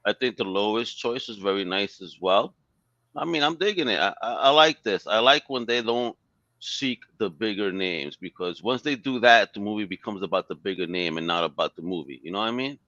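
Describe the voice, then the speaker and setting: Low-voiced blunt swearing man. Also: animated, normal speed, pushed and bright, dry recording, highs cut off. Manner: blunt, opinionated, heavy swearing. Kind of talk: casual live chat show.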